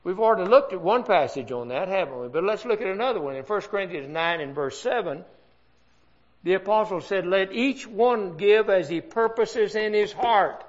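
A man's voice: high voice, expressive, moderate pace, highs cut off. An older man preaching an earnest, conversational sermon, asking the congregation rhetorical questions.

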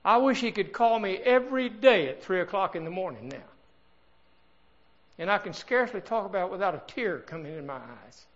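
Through a muffled recording comes an older man's high-pitched, fairly bright voice, preaching a sermon. He swells in volume and slows to draw out the words he stresses most.

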